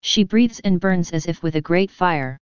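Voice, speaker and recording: A woman voicing a grieving Malay man who speaks low, calm and composed. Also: normal speed, clean tone, dry recording, highs cut off, close to an everyday voice. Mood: quiet mournful.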